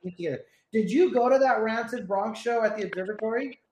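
A man's voice: high-pitched, quick pace, darkish tone, a little hiss or hum. A man hosting a casual radio chat, laid-back and rambling, swearing often as he tells stories. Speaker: radio host. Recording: roomy echo.

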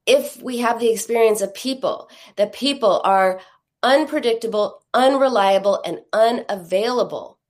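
A woman giving a live teaching talk to an audience, telling stories in an earnest way with lively asides. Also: a little high, normal speed. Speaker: teacher on emotional eating.

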